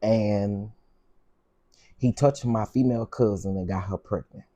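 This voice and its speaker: A man's voice: on the low side, fairly even intonation, a little slow, warm tone, highs cut off. A man hosting his own channel, telling personal stories with frank, heated, preacher-like repetition. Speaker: channel host. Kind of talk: emotional storytime commentary.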